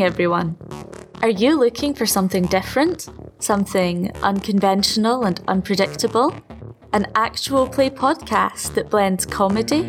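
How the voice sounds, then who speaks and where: A woman reads a promo in a smooth, theatrical announcer manner. Her voice sits in a middle pitch. Music plays clearly behind her. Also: rough recording. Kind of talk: scripted podcast promo read.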